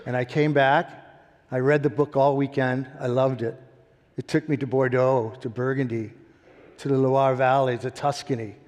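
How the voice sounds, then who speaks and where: Man, 60s, winery founder, animated storyteller, laughs a lot, reverberant hall. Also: mid-range voice, moderate pace. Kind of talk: storytelling interview.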